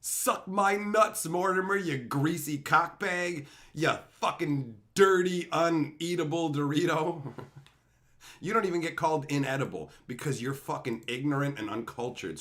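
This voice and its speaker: A man's voice: mid-range voice, moderate pace, a bit bright. A man ranting profanely and mock-insulting his live-stream chat.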